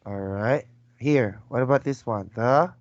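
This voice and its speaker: A man with a medium-pitched voice and measured pace tutors a student in English via video call, prompting patiently and repeating words. The call audio is dull and lo-fi, with no room sound.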